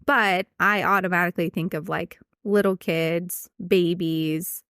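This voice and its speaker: A woman's voice: on the low side, fairly even intonation, a little slow, a bit bright, smooth, dry recording, studio quality. A woman in her thirties, a veterinarian hosting a podcast, explaining things in casual chat and laughing easily. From United States.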